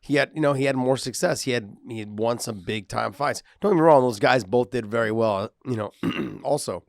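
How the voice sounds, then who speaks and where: Profane ex-fighter telling stories. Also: male voice, mid-range voice, a little fast, vocal fry, dry recording, clean studio sound. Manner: profane storyteller, acts out quotes. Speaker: podcast co-host, former fighter. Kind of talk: casual chat.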